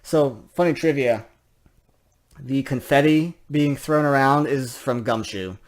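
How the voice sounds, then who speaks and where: A let's player reading a courtroom game's dialogue aloud and voicing every character in turn. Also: mid-range voice. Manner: voices every character in turn, with quick asides. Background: game music.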